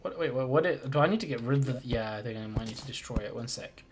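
A man's voice: medium pitch, fast talker, over music. A man live-streaming a game in casual chat, thinking aloud and greeting and thanking viewers as he plays.

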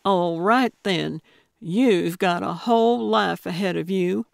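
A woman's voice: fairly low pitch, takes it slowly, creaky, no room sound, clean studio sound. Woman voicing a feisty elderly lady sleuth.

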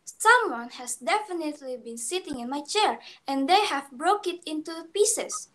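A woman's voice: high voice, expressive, moderate pace, a bit bright, voice pushed up. A young woman with an Indonesian accent voicing a whiny little baby bear, in a somewhat raised voice. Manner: crying, insistent.

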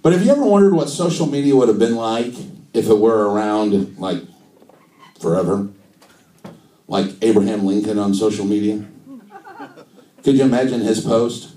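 A man's voice: lowish voice, normal speed, long pauses, warm tone. A man doing a stand-up set in a comedy club, wry and playful with his jokes. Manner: wry, playful, jokes delivered with shifting emphasis. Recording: roomy club sound, distant mic.

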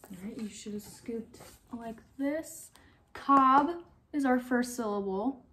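A woman's voice: on the high side, a bit bright. Young female teacher, patient step-by-step phonics instruction, faint hiss on the recording. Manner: slow, clear step-by-step instructions with pauses. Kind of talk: online phonics lesson for young children.

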